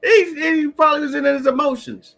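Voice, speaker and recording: A man's voice: very high voice, a little fast, vocal fry, fairly bright tone. A man chatting casually on a live stream, easygoing and agreeable.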